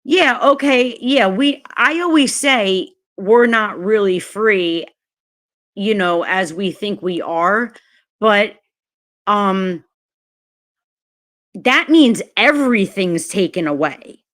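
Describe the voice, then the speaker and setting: Her mid-range voice is animated, a bit bright, and slow. She's a New Jersey woman hosting a casual livestream, furiously ranting, using profanity and often saying the same things over.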